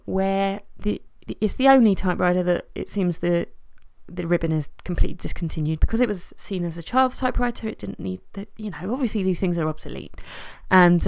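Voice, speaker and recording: Woman, craft vlogger, relaxed self-deprecating narration, dry close sound. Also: on the low side, fairly quick, gravelly, hardly any pauses, no echo. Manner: chatty and self-deprecating, with soft laughs and trailing fillers. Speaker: scrapbooking vlogger. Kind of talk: casual voice-over narration of a craft process.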